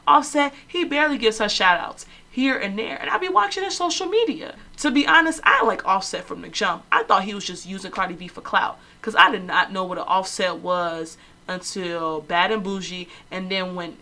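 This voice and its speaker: Sassy bright-voiced woman podcast host. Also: medium pitch, animated, normal speed. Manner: sassy, opinionated storytelling. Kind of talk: casual comedic commentary.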